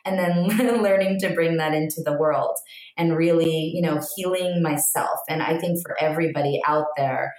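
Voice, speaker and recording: A woman who works as an empowerment coach, speaking as a podcast guest in a reflective, soft-spoken way. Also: sits low, normal speed, echoey room, low-quality recording. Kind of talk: candid podcast conversation.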